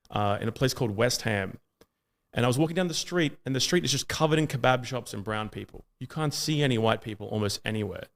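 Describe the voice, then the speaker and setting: An Australian man giving an impassioned monologue, emphatic and often pausing on "uh" as he builds in intensity. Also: mid-range voice. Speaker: speaker.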